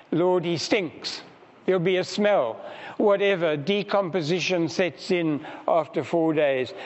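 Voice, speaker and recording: Male preacher, slow emphatic sermon delivery, dull sound and long room echo. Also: fairly high pitch, a little mellow. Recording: dull sound in a reverberant hall.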